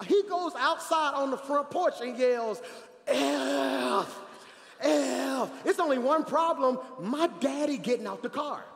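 High-voiced preaching pastor, man, echoing hall. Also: normal speed, few pauses. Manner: animated, swings from quiet asides to shouting. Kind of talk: energetic sermon storytelling. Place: large church hall. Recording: reverberant church hall.

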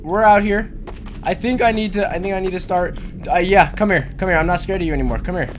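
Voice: medium pitch, fast, slight background noise. A gaming channel host giving panicked let's-play commentary, shrieking and repeating words over and over. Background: game music.

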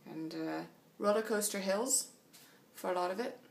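A woman's voice: medium pitch, normal speed, gravelly, far from the mic, a little hiss or hum. A tired woman chatting casually in a video diary about her cycling trip, laughing often, in a small motel room. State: tired after a long flight. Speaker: long-distance cyclist vlogging.

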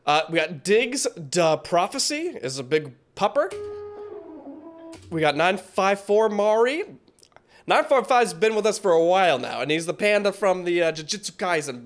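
A man hosting a reaction video in casual commentary, excitable and rambling, often stumbling over his words. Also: high-pitched.

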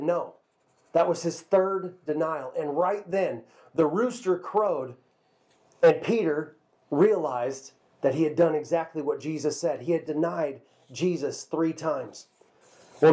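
A man telling a Bible story to children as a kids' pastor, lively and a little halting, often repeating a word before going on. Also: a little high. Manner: lively storyteller, repeats words while talking.

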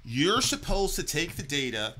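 Animated, swearing man with a sharp voice. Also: on the high side, moderate pace. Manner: animated, swearing, with many stumbles and repeated words. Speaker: co-host of a reaction podcast. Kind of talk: casual political rant.

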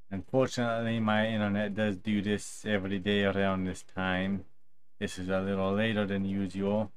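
Slow, low-voiced man streaming a game. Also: clean tone. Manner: slow, patient, talks softly to his pet duck. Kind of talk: casual live game stream chat.

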